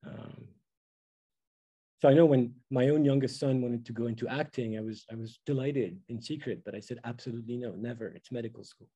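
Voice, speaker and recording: A man's voice: medium pitch, moderate pace, mellow, breathy edge, muffled recording. A middle-aged man giving an academic lecture, thoughtful and full of fillers and restarts.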